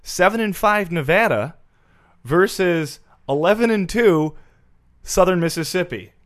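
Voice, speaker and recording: A man's voice: sits high, lively intonation, a little slow. Rambling young man announcing game picks. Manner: rambling, self-interrupting storyteller. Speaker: podcast co-host presenting bowl picks. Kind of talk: casual comedic sports chat.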